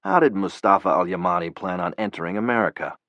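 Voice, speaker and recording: A male narrator playing a hard, controlled operative who speaks low and quiet, calm with a threat underneath. The recording is dull and dry. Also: a little fast, dry recording, close to an everyday voice. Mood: cold.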